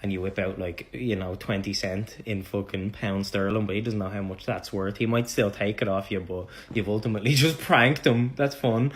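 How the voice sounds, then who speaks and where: A man's voice: lowish voice, steady tone, normal speed, few pauses. A young Irish man giving laid-back, mock-serious comic advice, swearing casually. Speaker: comedy sketch creator. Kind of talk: deadpan comic monologue.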